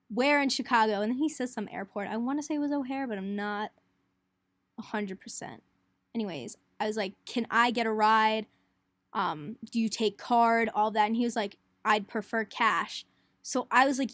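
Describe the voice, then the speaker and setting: A woman's voice: a little high, moderate pace, dry recording, faint music behind. A young woman, a college student, chattily retelling a hectic trip in a casual vlog and acting out the quotes. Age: young adult. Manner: chatty, breathless retelling, lots of "like", acts out quotes.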